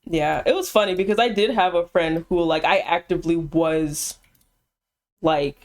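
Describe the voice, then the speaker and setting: Teasing woman streamer, lowish voice. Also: normal speed. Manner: teasing, laughs often, playful bluntness. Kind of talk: casual chat on a live stream.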